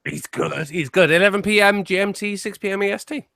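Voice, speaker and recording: A man's voice: high voice, a little fast, creaky, fairly bright tone, dry recording, studio quality. A drunk man, a guest on a casual stream, teasing and swearing with frequent laughs.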